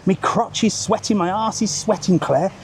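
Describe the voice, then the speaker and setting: A man voicing a loud, self-important female jogger, complaining breathlessly as she chats nonstop. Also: mid-range voice, normal speed, slight background noise, pitched above the performer's own voice, close to an everyday voice. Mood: whining. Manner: whiny, indignant, breathless chatter.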